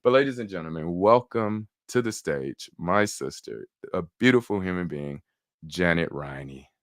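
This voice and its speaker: A man's voice: sits low, moderate pace, dry recording, studio quality. A man hosting a live online summit, talking casually with lots of fillers and restarts. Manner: animated, chatty, many fillers and restarts. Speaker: summit host.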